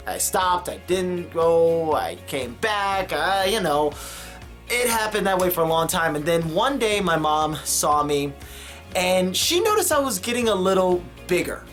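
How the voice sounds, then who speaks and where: A man's voice: a little high, a bit bright. A young man from Chicago talking to camera in a casual vlog, jokey and rambling, with many fillers and self-mocking asides. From Chicago, United States. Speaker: vlogger.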